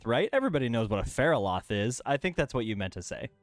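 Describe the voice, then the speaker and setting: A man's voice: mid-range voice, very animated, quick pace, faint music behind. A man streaming a video game from home, chatting casually in a playful, rambling way. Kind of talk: casual gameplay stream chat. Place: home room.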